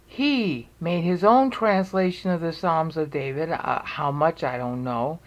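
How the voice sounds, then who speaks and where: A video presenter explaining research narrates a screen-recorded walkthrough at a measured pace, in a medium-pitched voice with lo-fi sound. They think aloud while searching on screen and deliver pointed, emphatic remarks.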